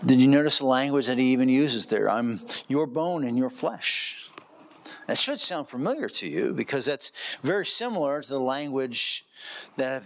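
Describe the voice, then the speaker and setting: A man's voice: mid-range voice, a bit bright. A man preaching an expository sermon, reading verses and posing rhetorical questions to the congregation. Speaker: pastor.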